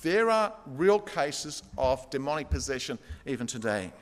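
A man's voice: mid-range voice, very animated, measured pace. A preacher man in an echoing hall. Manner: storytelling, reads quotes aloud with rising intensity. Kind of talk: sermon. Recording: long hall reverb.

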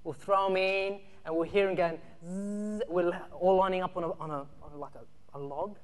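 A man preaching a sermon, telling childhood stories with animated energy, shouts and laughter. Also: high voice, moderate pace. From Australia. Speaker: pastor. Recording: long hall reverb.

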